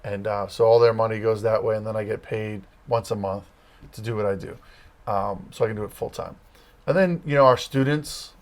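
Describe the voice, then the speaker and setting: Relaxed man explaining conversationally. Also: fairly low pitch, fairly quick. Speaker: campus ministry director. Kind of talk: casual interview answers.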